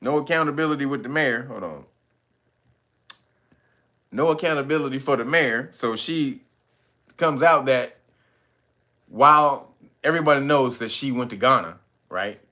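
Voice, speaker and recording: A man's voice: medium pitch, normal speed, pauses often. A man in his thirties hosting casual commentary, profane and laughing as he talks. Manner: laughing, profane, animated storytelling. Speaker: host.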